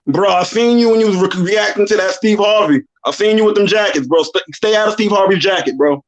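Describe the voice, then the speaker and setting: A man from New Jersey calling in to a live stream, chatting quickly in slang with stumbles and restarts. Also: high voice, highs cut off. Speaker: caller. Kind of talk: casual call-in chat.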